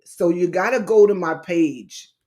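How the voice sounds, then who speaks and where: Warm in tone and pitched on the low side, this woman hosts a talk show and has written a book. Her slow, preacherly delivery is heartfelt as she discusses healing and her book, calling her listeners "baby" and "saints."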